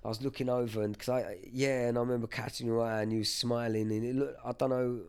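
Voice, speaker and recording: A man in his 30s shares his life story as a podcast guest, earnest and emotional, with many fillers and restarts. His mid-range voice is level, quick, a little mellow, and clean in tone, and the talk mixes personal testimony with casual chat.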